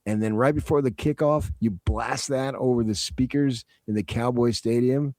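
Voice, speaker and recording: A man from New Jersey hosts sports radio, joking and riffing with laughs in casual, animated talk. His mid-range voice is a little slow, and the studio sound is clean with no echo.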